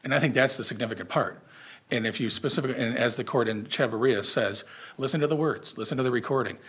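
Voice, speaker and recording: A man presenting appellate oral argument for the state, earnest and halting, often restarting his sentences. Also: mid-range voice, a bit bright, breathy edge. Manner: earnest, halting, repeats words. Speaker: state's attorney.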